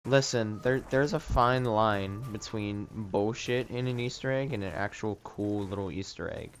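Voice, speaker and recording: A man's voice: fairly low pitch, moderate pace, slight background noise. A man doing casual commentary over an online game, sarcastic and ranting, swearing freely and joking about the other players. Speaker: gaming YouTuber.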